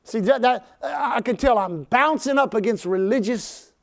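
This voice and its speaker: A man preaching in a very high voice, leading the congregation in call-and-response. He talks conversationally but with fervor, and at his peak points he breaks into shouts. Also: normal speed, gravelly. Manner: rising to shouts at peaks. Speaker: pastor. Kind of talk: preaching a sermon.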